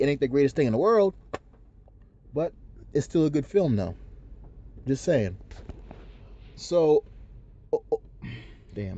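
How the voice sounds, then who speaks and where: Emphatic man ranting, lively pitch. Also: dull audio. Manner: emphatic, repeats his points, restarts often. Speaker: vlogger. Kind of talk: opinion rant to camera.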